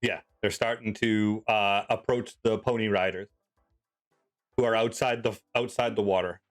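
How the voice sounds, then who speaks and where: A man running a tabletop game as game master, narrating in a loose, halting way with many fillers. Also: on the low side, steady tone, soft background music.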